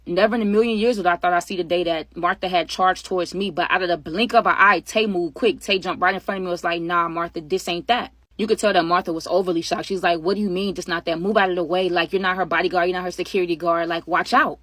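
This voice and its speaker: Fast-talking woman telling a story. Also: lowish voice, no echo. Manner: animated, quotes others in her own voice. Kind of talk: casual storytime.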